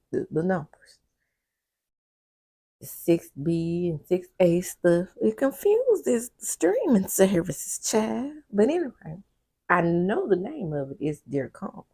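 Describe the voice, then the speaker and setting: A woman's voice: on the low side, dark tone, no echo, studio quality. A woman chatting candidly through a casual TV episode recap, with laughing asides and a sleepy air. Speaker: TV recap vlogger.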